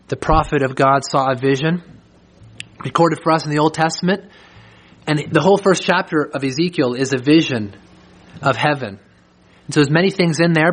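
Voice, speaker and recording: A man delivering a sermon, his voice sitting a little higher than most men's. He talks earnestly, often repeating a word to stress it and lifting his pitch as he builds to emphatic points. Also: slightly rough. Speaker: preacher.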